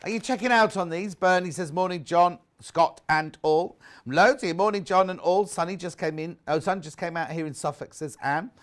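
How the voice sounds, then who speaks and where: A man's voice: high voice, moderate pace, hardly any pauses. A man presenting a live TV shopping show, chatting casually and reading out viewer messages. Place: TV studio.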